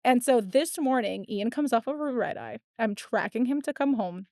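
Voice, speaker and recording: A woman's voice: fairly high pitch, normal speed, dry recording, clean studio sound. A woman in her thirties, a podcast host telling a story in casual chat and acting out the people in it. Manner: animated storyteller, acts out quotes.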